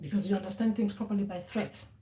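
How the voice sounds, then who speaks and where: A woman's voice: mid-range voice, quick pace, roomy sound, very noisy. A woman giving a casual spiritual talk about dreams, often repeating words and voicing what her ancestors say. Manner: repetitive, voices ancestors speaking.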